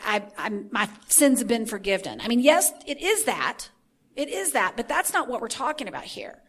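A woman's voice: fairly high pitch, a bit bright. Earnest woman giving an informal sermon. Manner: earnest, repeats phrases for emphasis, thinks aloud. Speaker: podcast host teaching the Bible.

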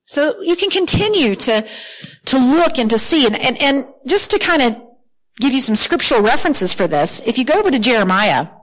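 A woman preaching a sermon with earnest, animated delivery, often repeating words as she reads scripture aloud. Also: high voice, normal speed, low-quality recording.

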